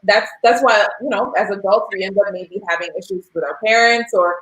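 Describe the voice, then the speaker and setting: A woman in her thirties with a mid-range, slightly bright voice talks fairly quickly in a casual discussion, sharing candid stories as a parent about raising her young son. She acts out the quoted dialogue, and the room has an echo.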